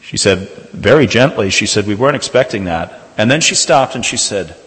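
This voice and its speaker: A man, a Catholic priest, preaching a sermon and telling a personal story in a measured way, slowing down for emphasis. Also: lowish voice, fairly bright tone. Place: church. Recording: reverberant church hall.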